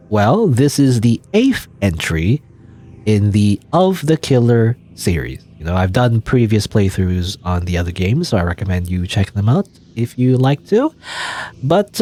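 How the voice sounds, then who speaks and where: A man's voice: medium pitch, dark tone. A man hosting a let's play, casually commenting and reading game text aloud with many fillers and restarts.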